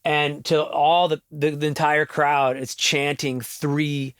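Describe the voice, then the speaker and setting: A middle-aged man, a musician guest in an interview, telling stories in an animated way and laughing now and then. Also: a little high, slow, clean tone, dry recording, clean studio sound. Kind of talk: casual interview storytelling.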